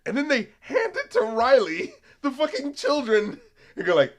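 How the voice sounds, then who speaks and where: A man co-hosting a casual podcast review chat, animated, laughing often and swearing freely. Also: extremely high pitch, moderate pace. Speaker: podcast co-host.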